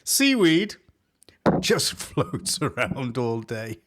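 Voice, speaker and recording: A man's voice: medium pitch, extremely slow, a little hiss or hum. A man from England co-hosting a casual live-streamed chat, joking and laughing often. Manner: jokey, laughs often, lively delivery. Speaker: podcast co-host.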